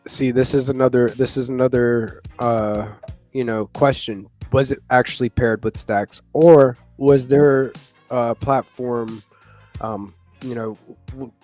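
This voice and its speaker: A man's voice: mid-range voice, fairly even intonation, slow, darkish tone. Man, live show host, casual rambling talk, filler-heavy, faint music underneath. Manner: rambling, many fillers, laughs often. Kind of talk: casual live crypto news chat.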